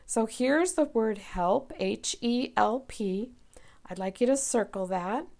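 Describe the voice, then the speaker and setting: Slow, gravelly-voiced woman teacher. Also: fairly high pitch, darkish tone. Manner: slow, patient, stretches out sounds and words. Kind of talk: remote classroom lesson for young children.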